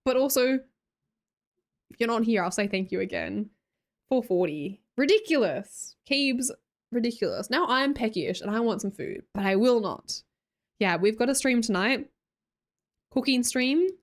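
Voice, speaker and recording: A woman's voice: on the high side, expressive, moderate pace, long pauses. A playful woman with an Australian accent, chatting late at night with her livestream viewers and laughing often. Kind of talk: casual livestream chat.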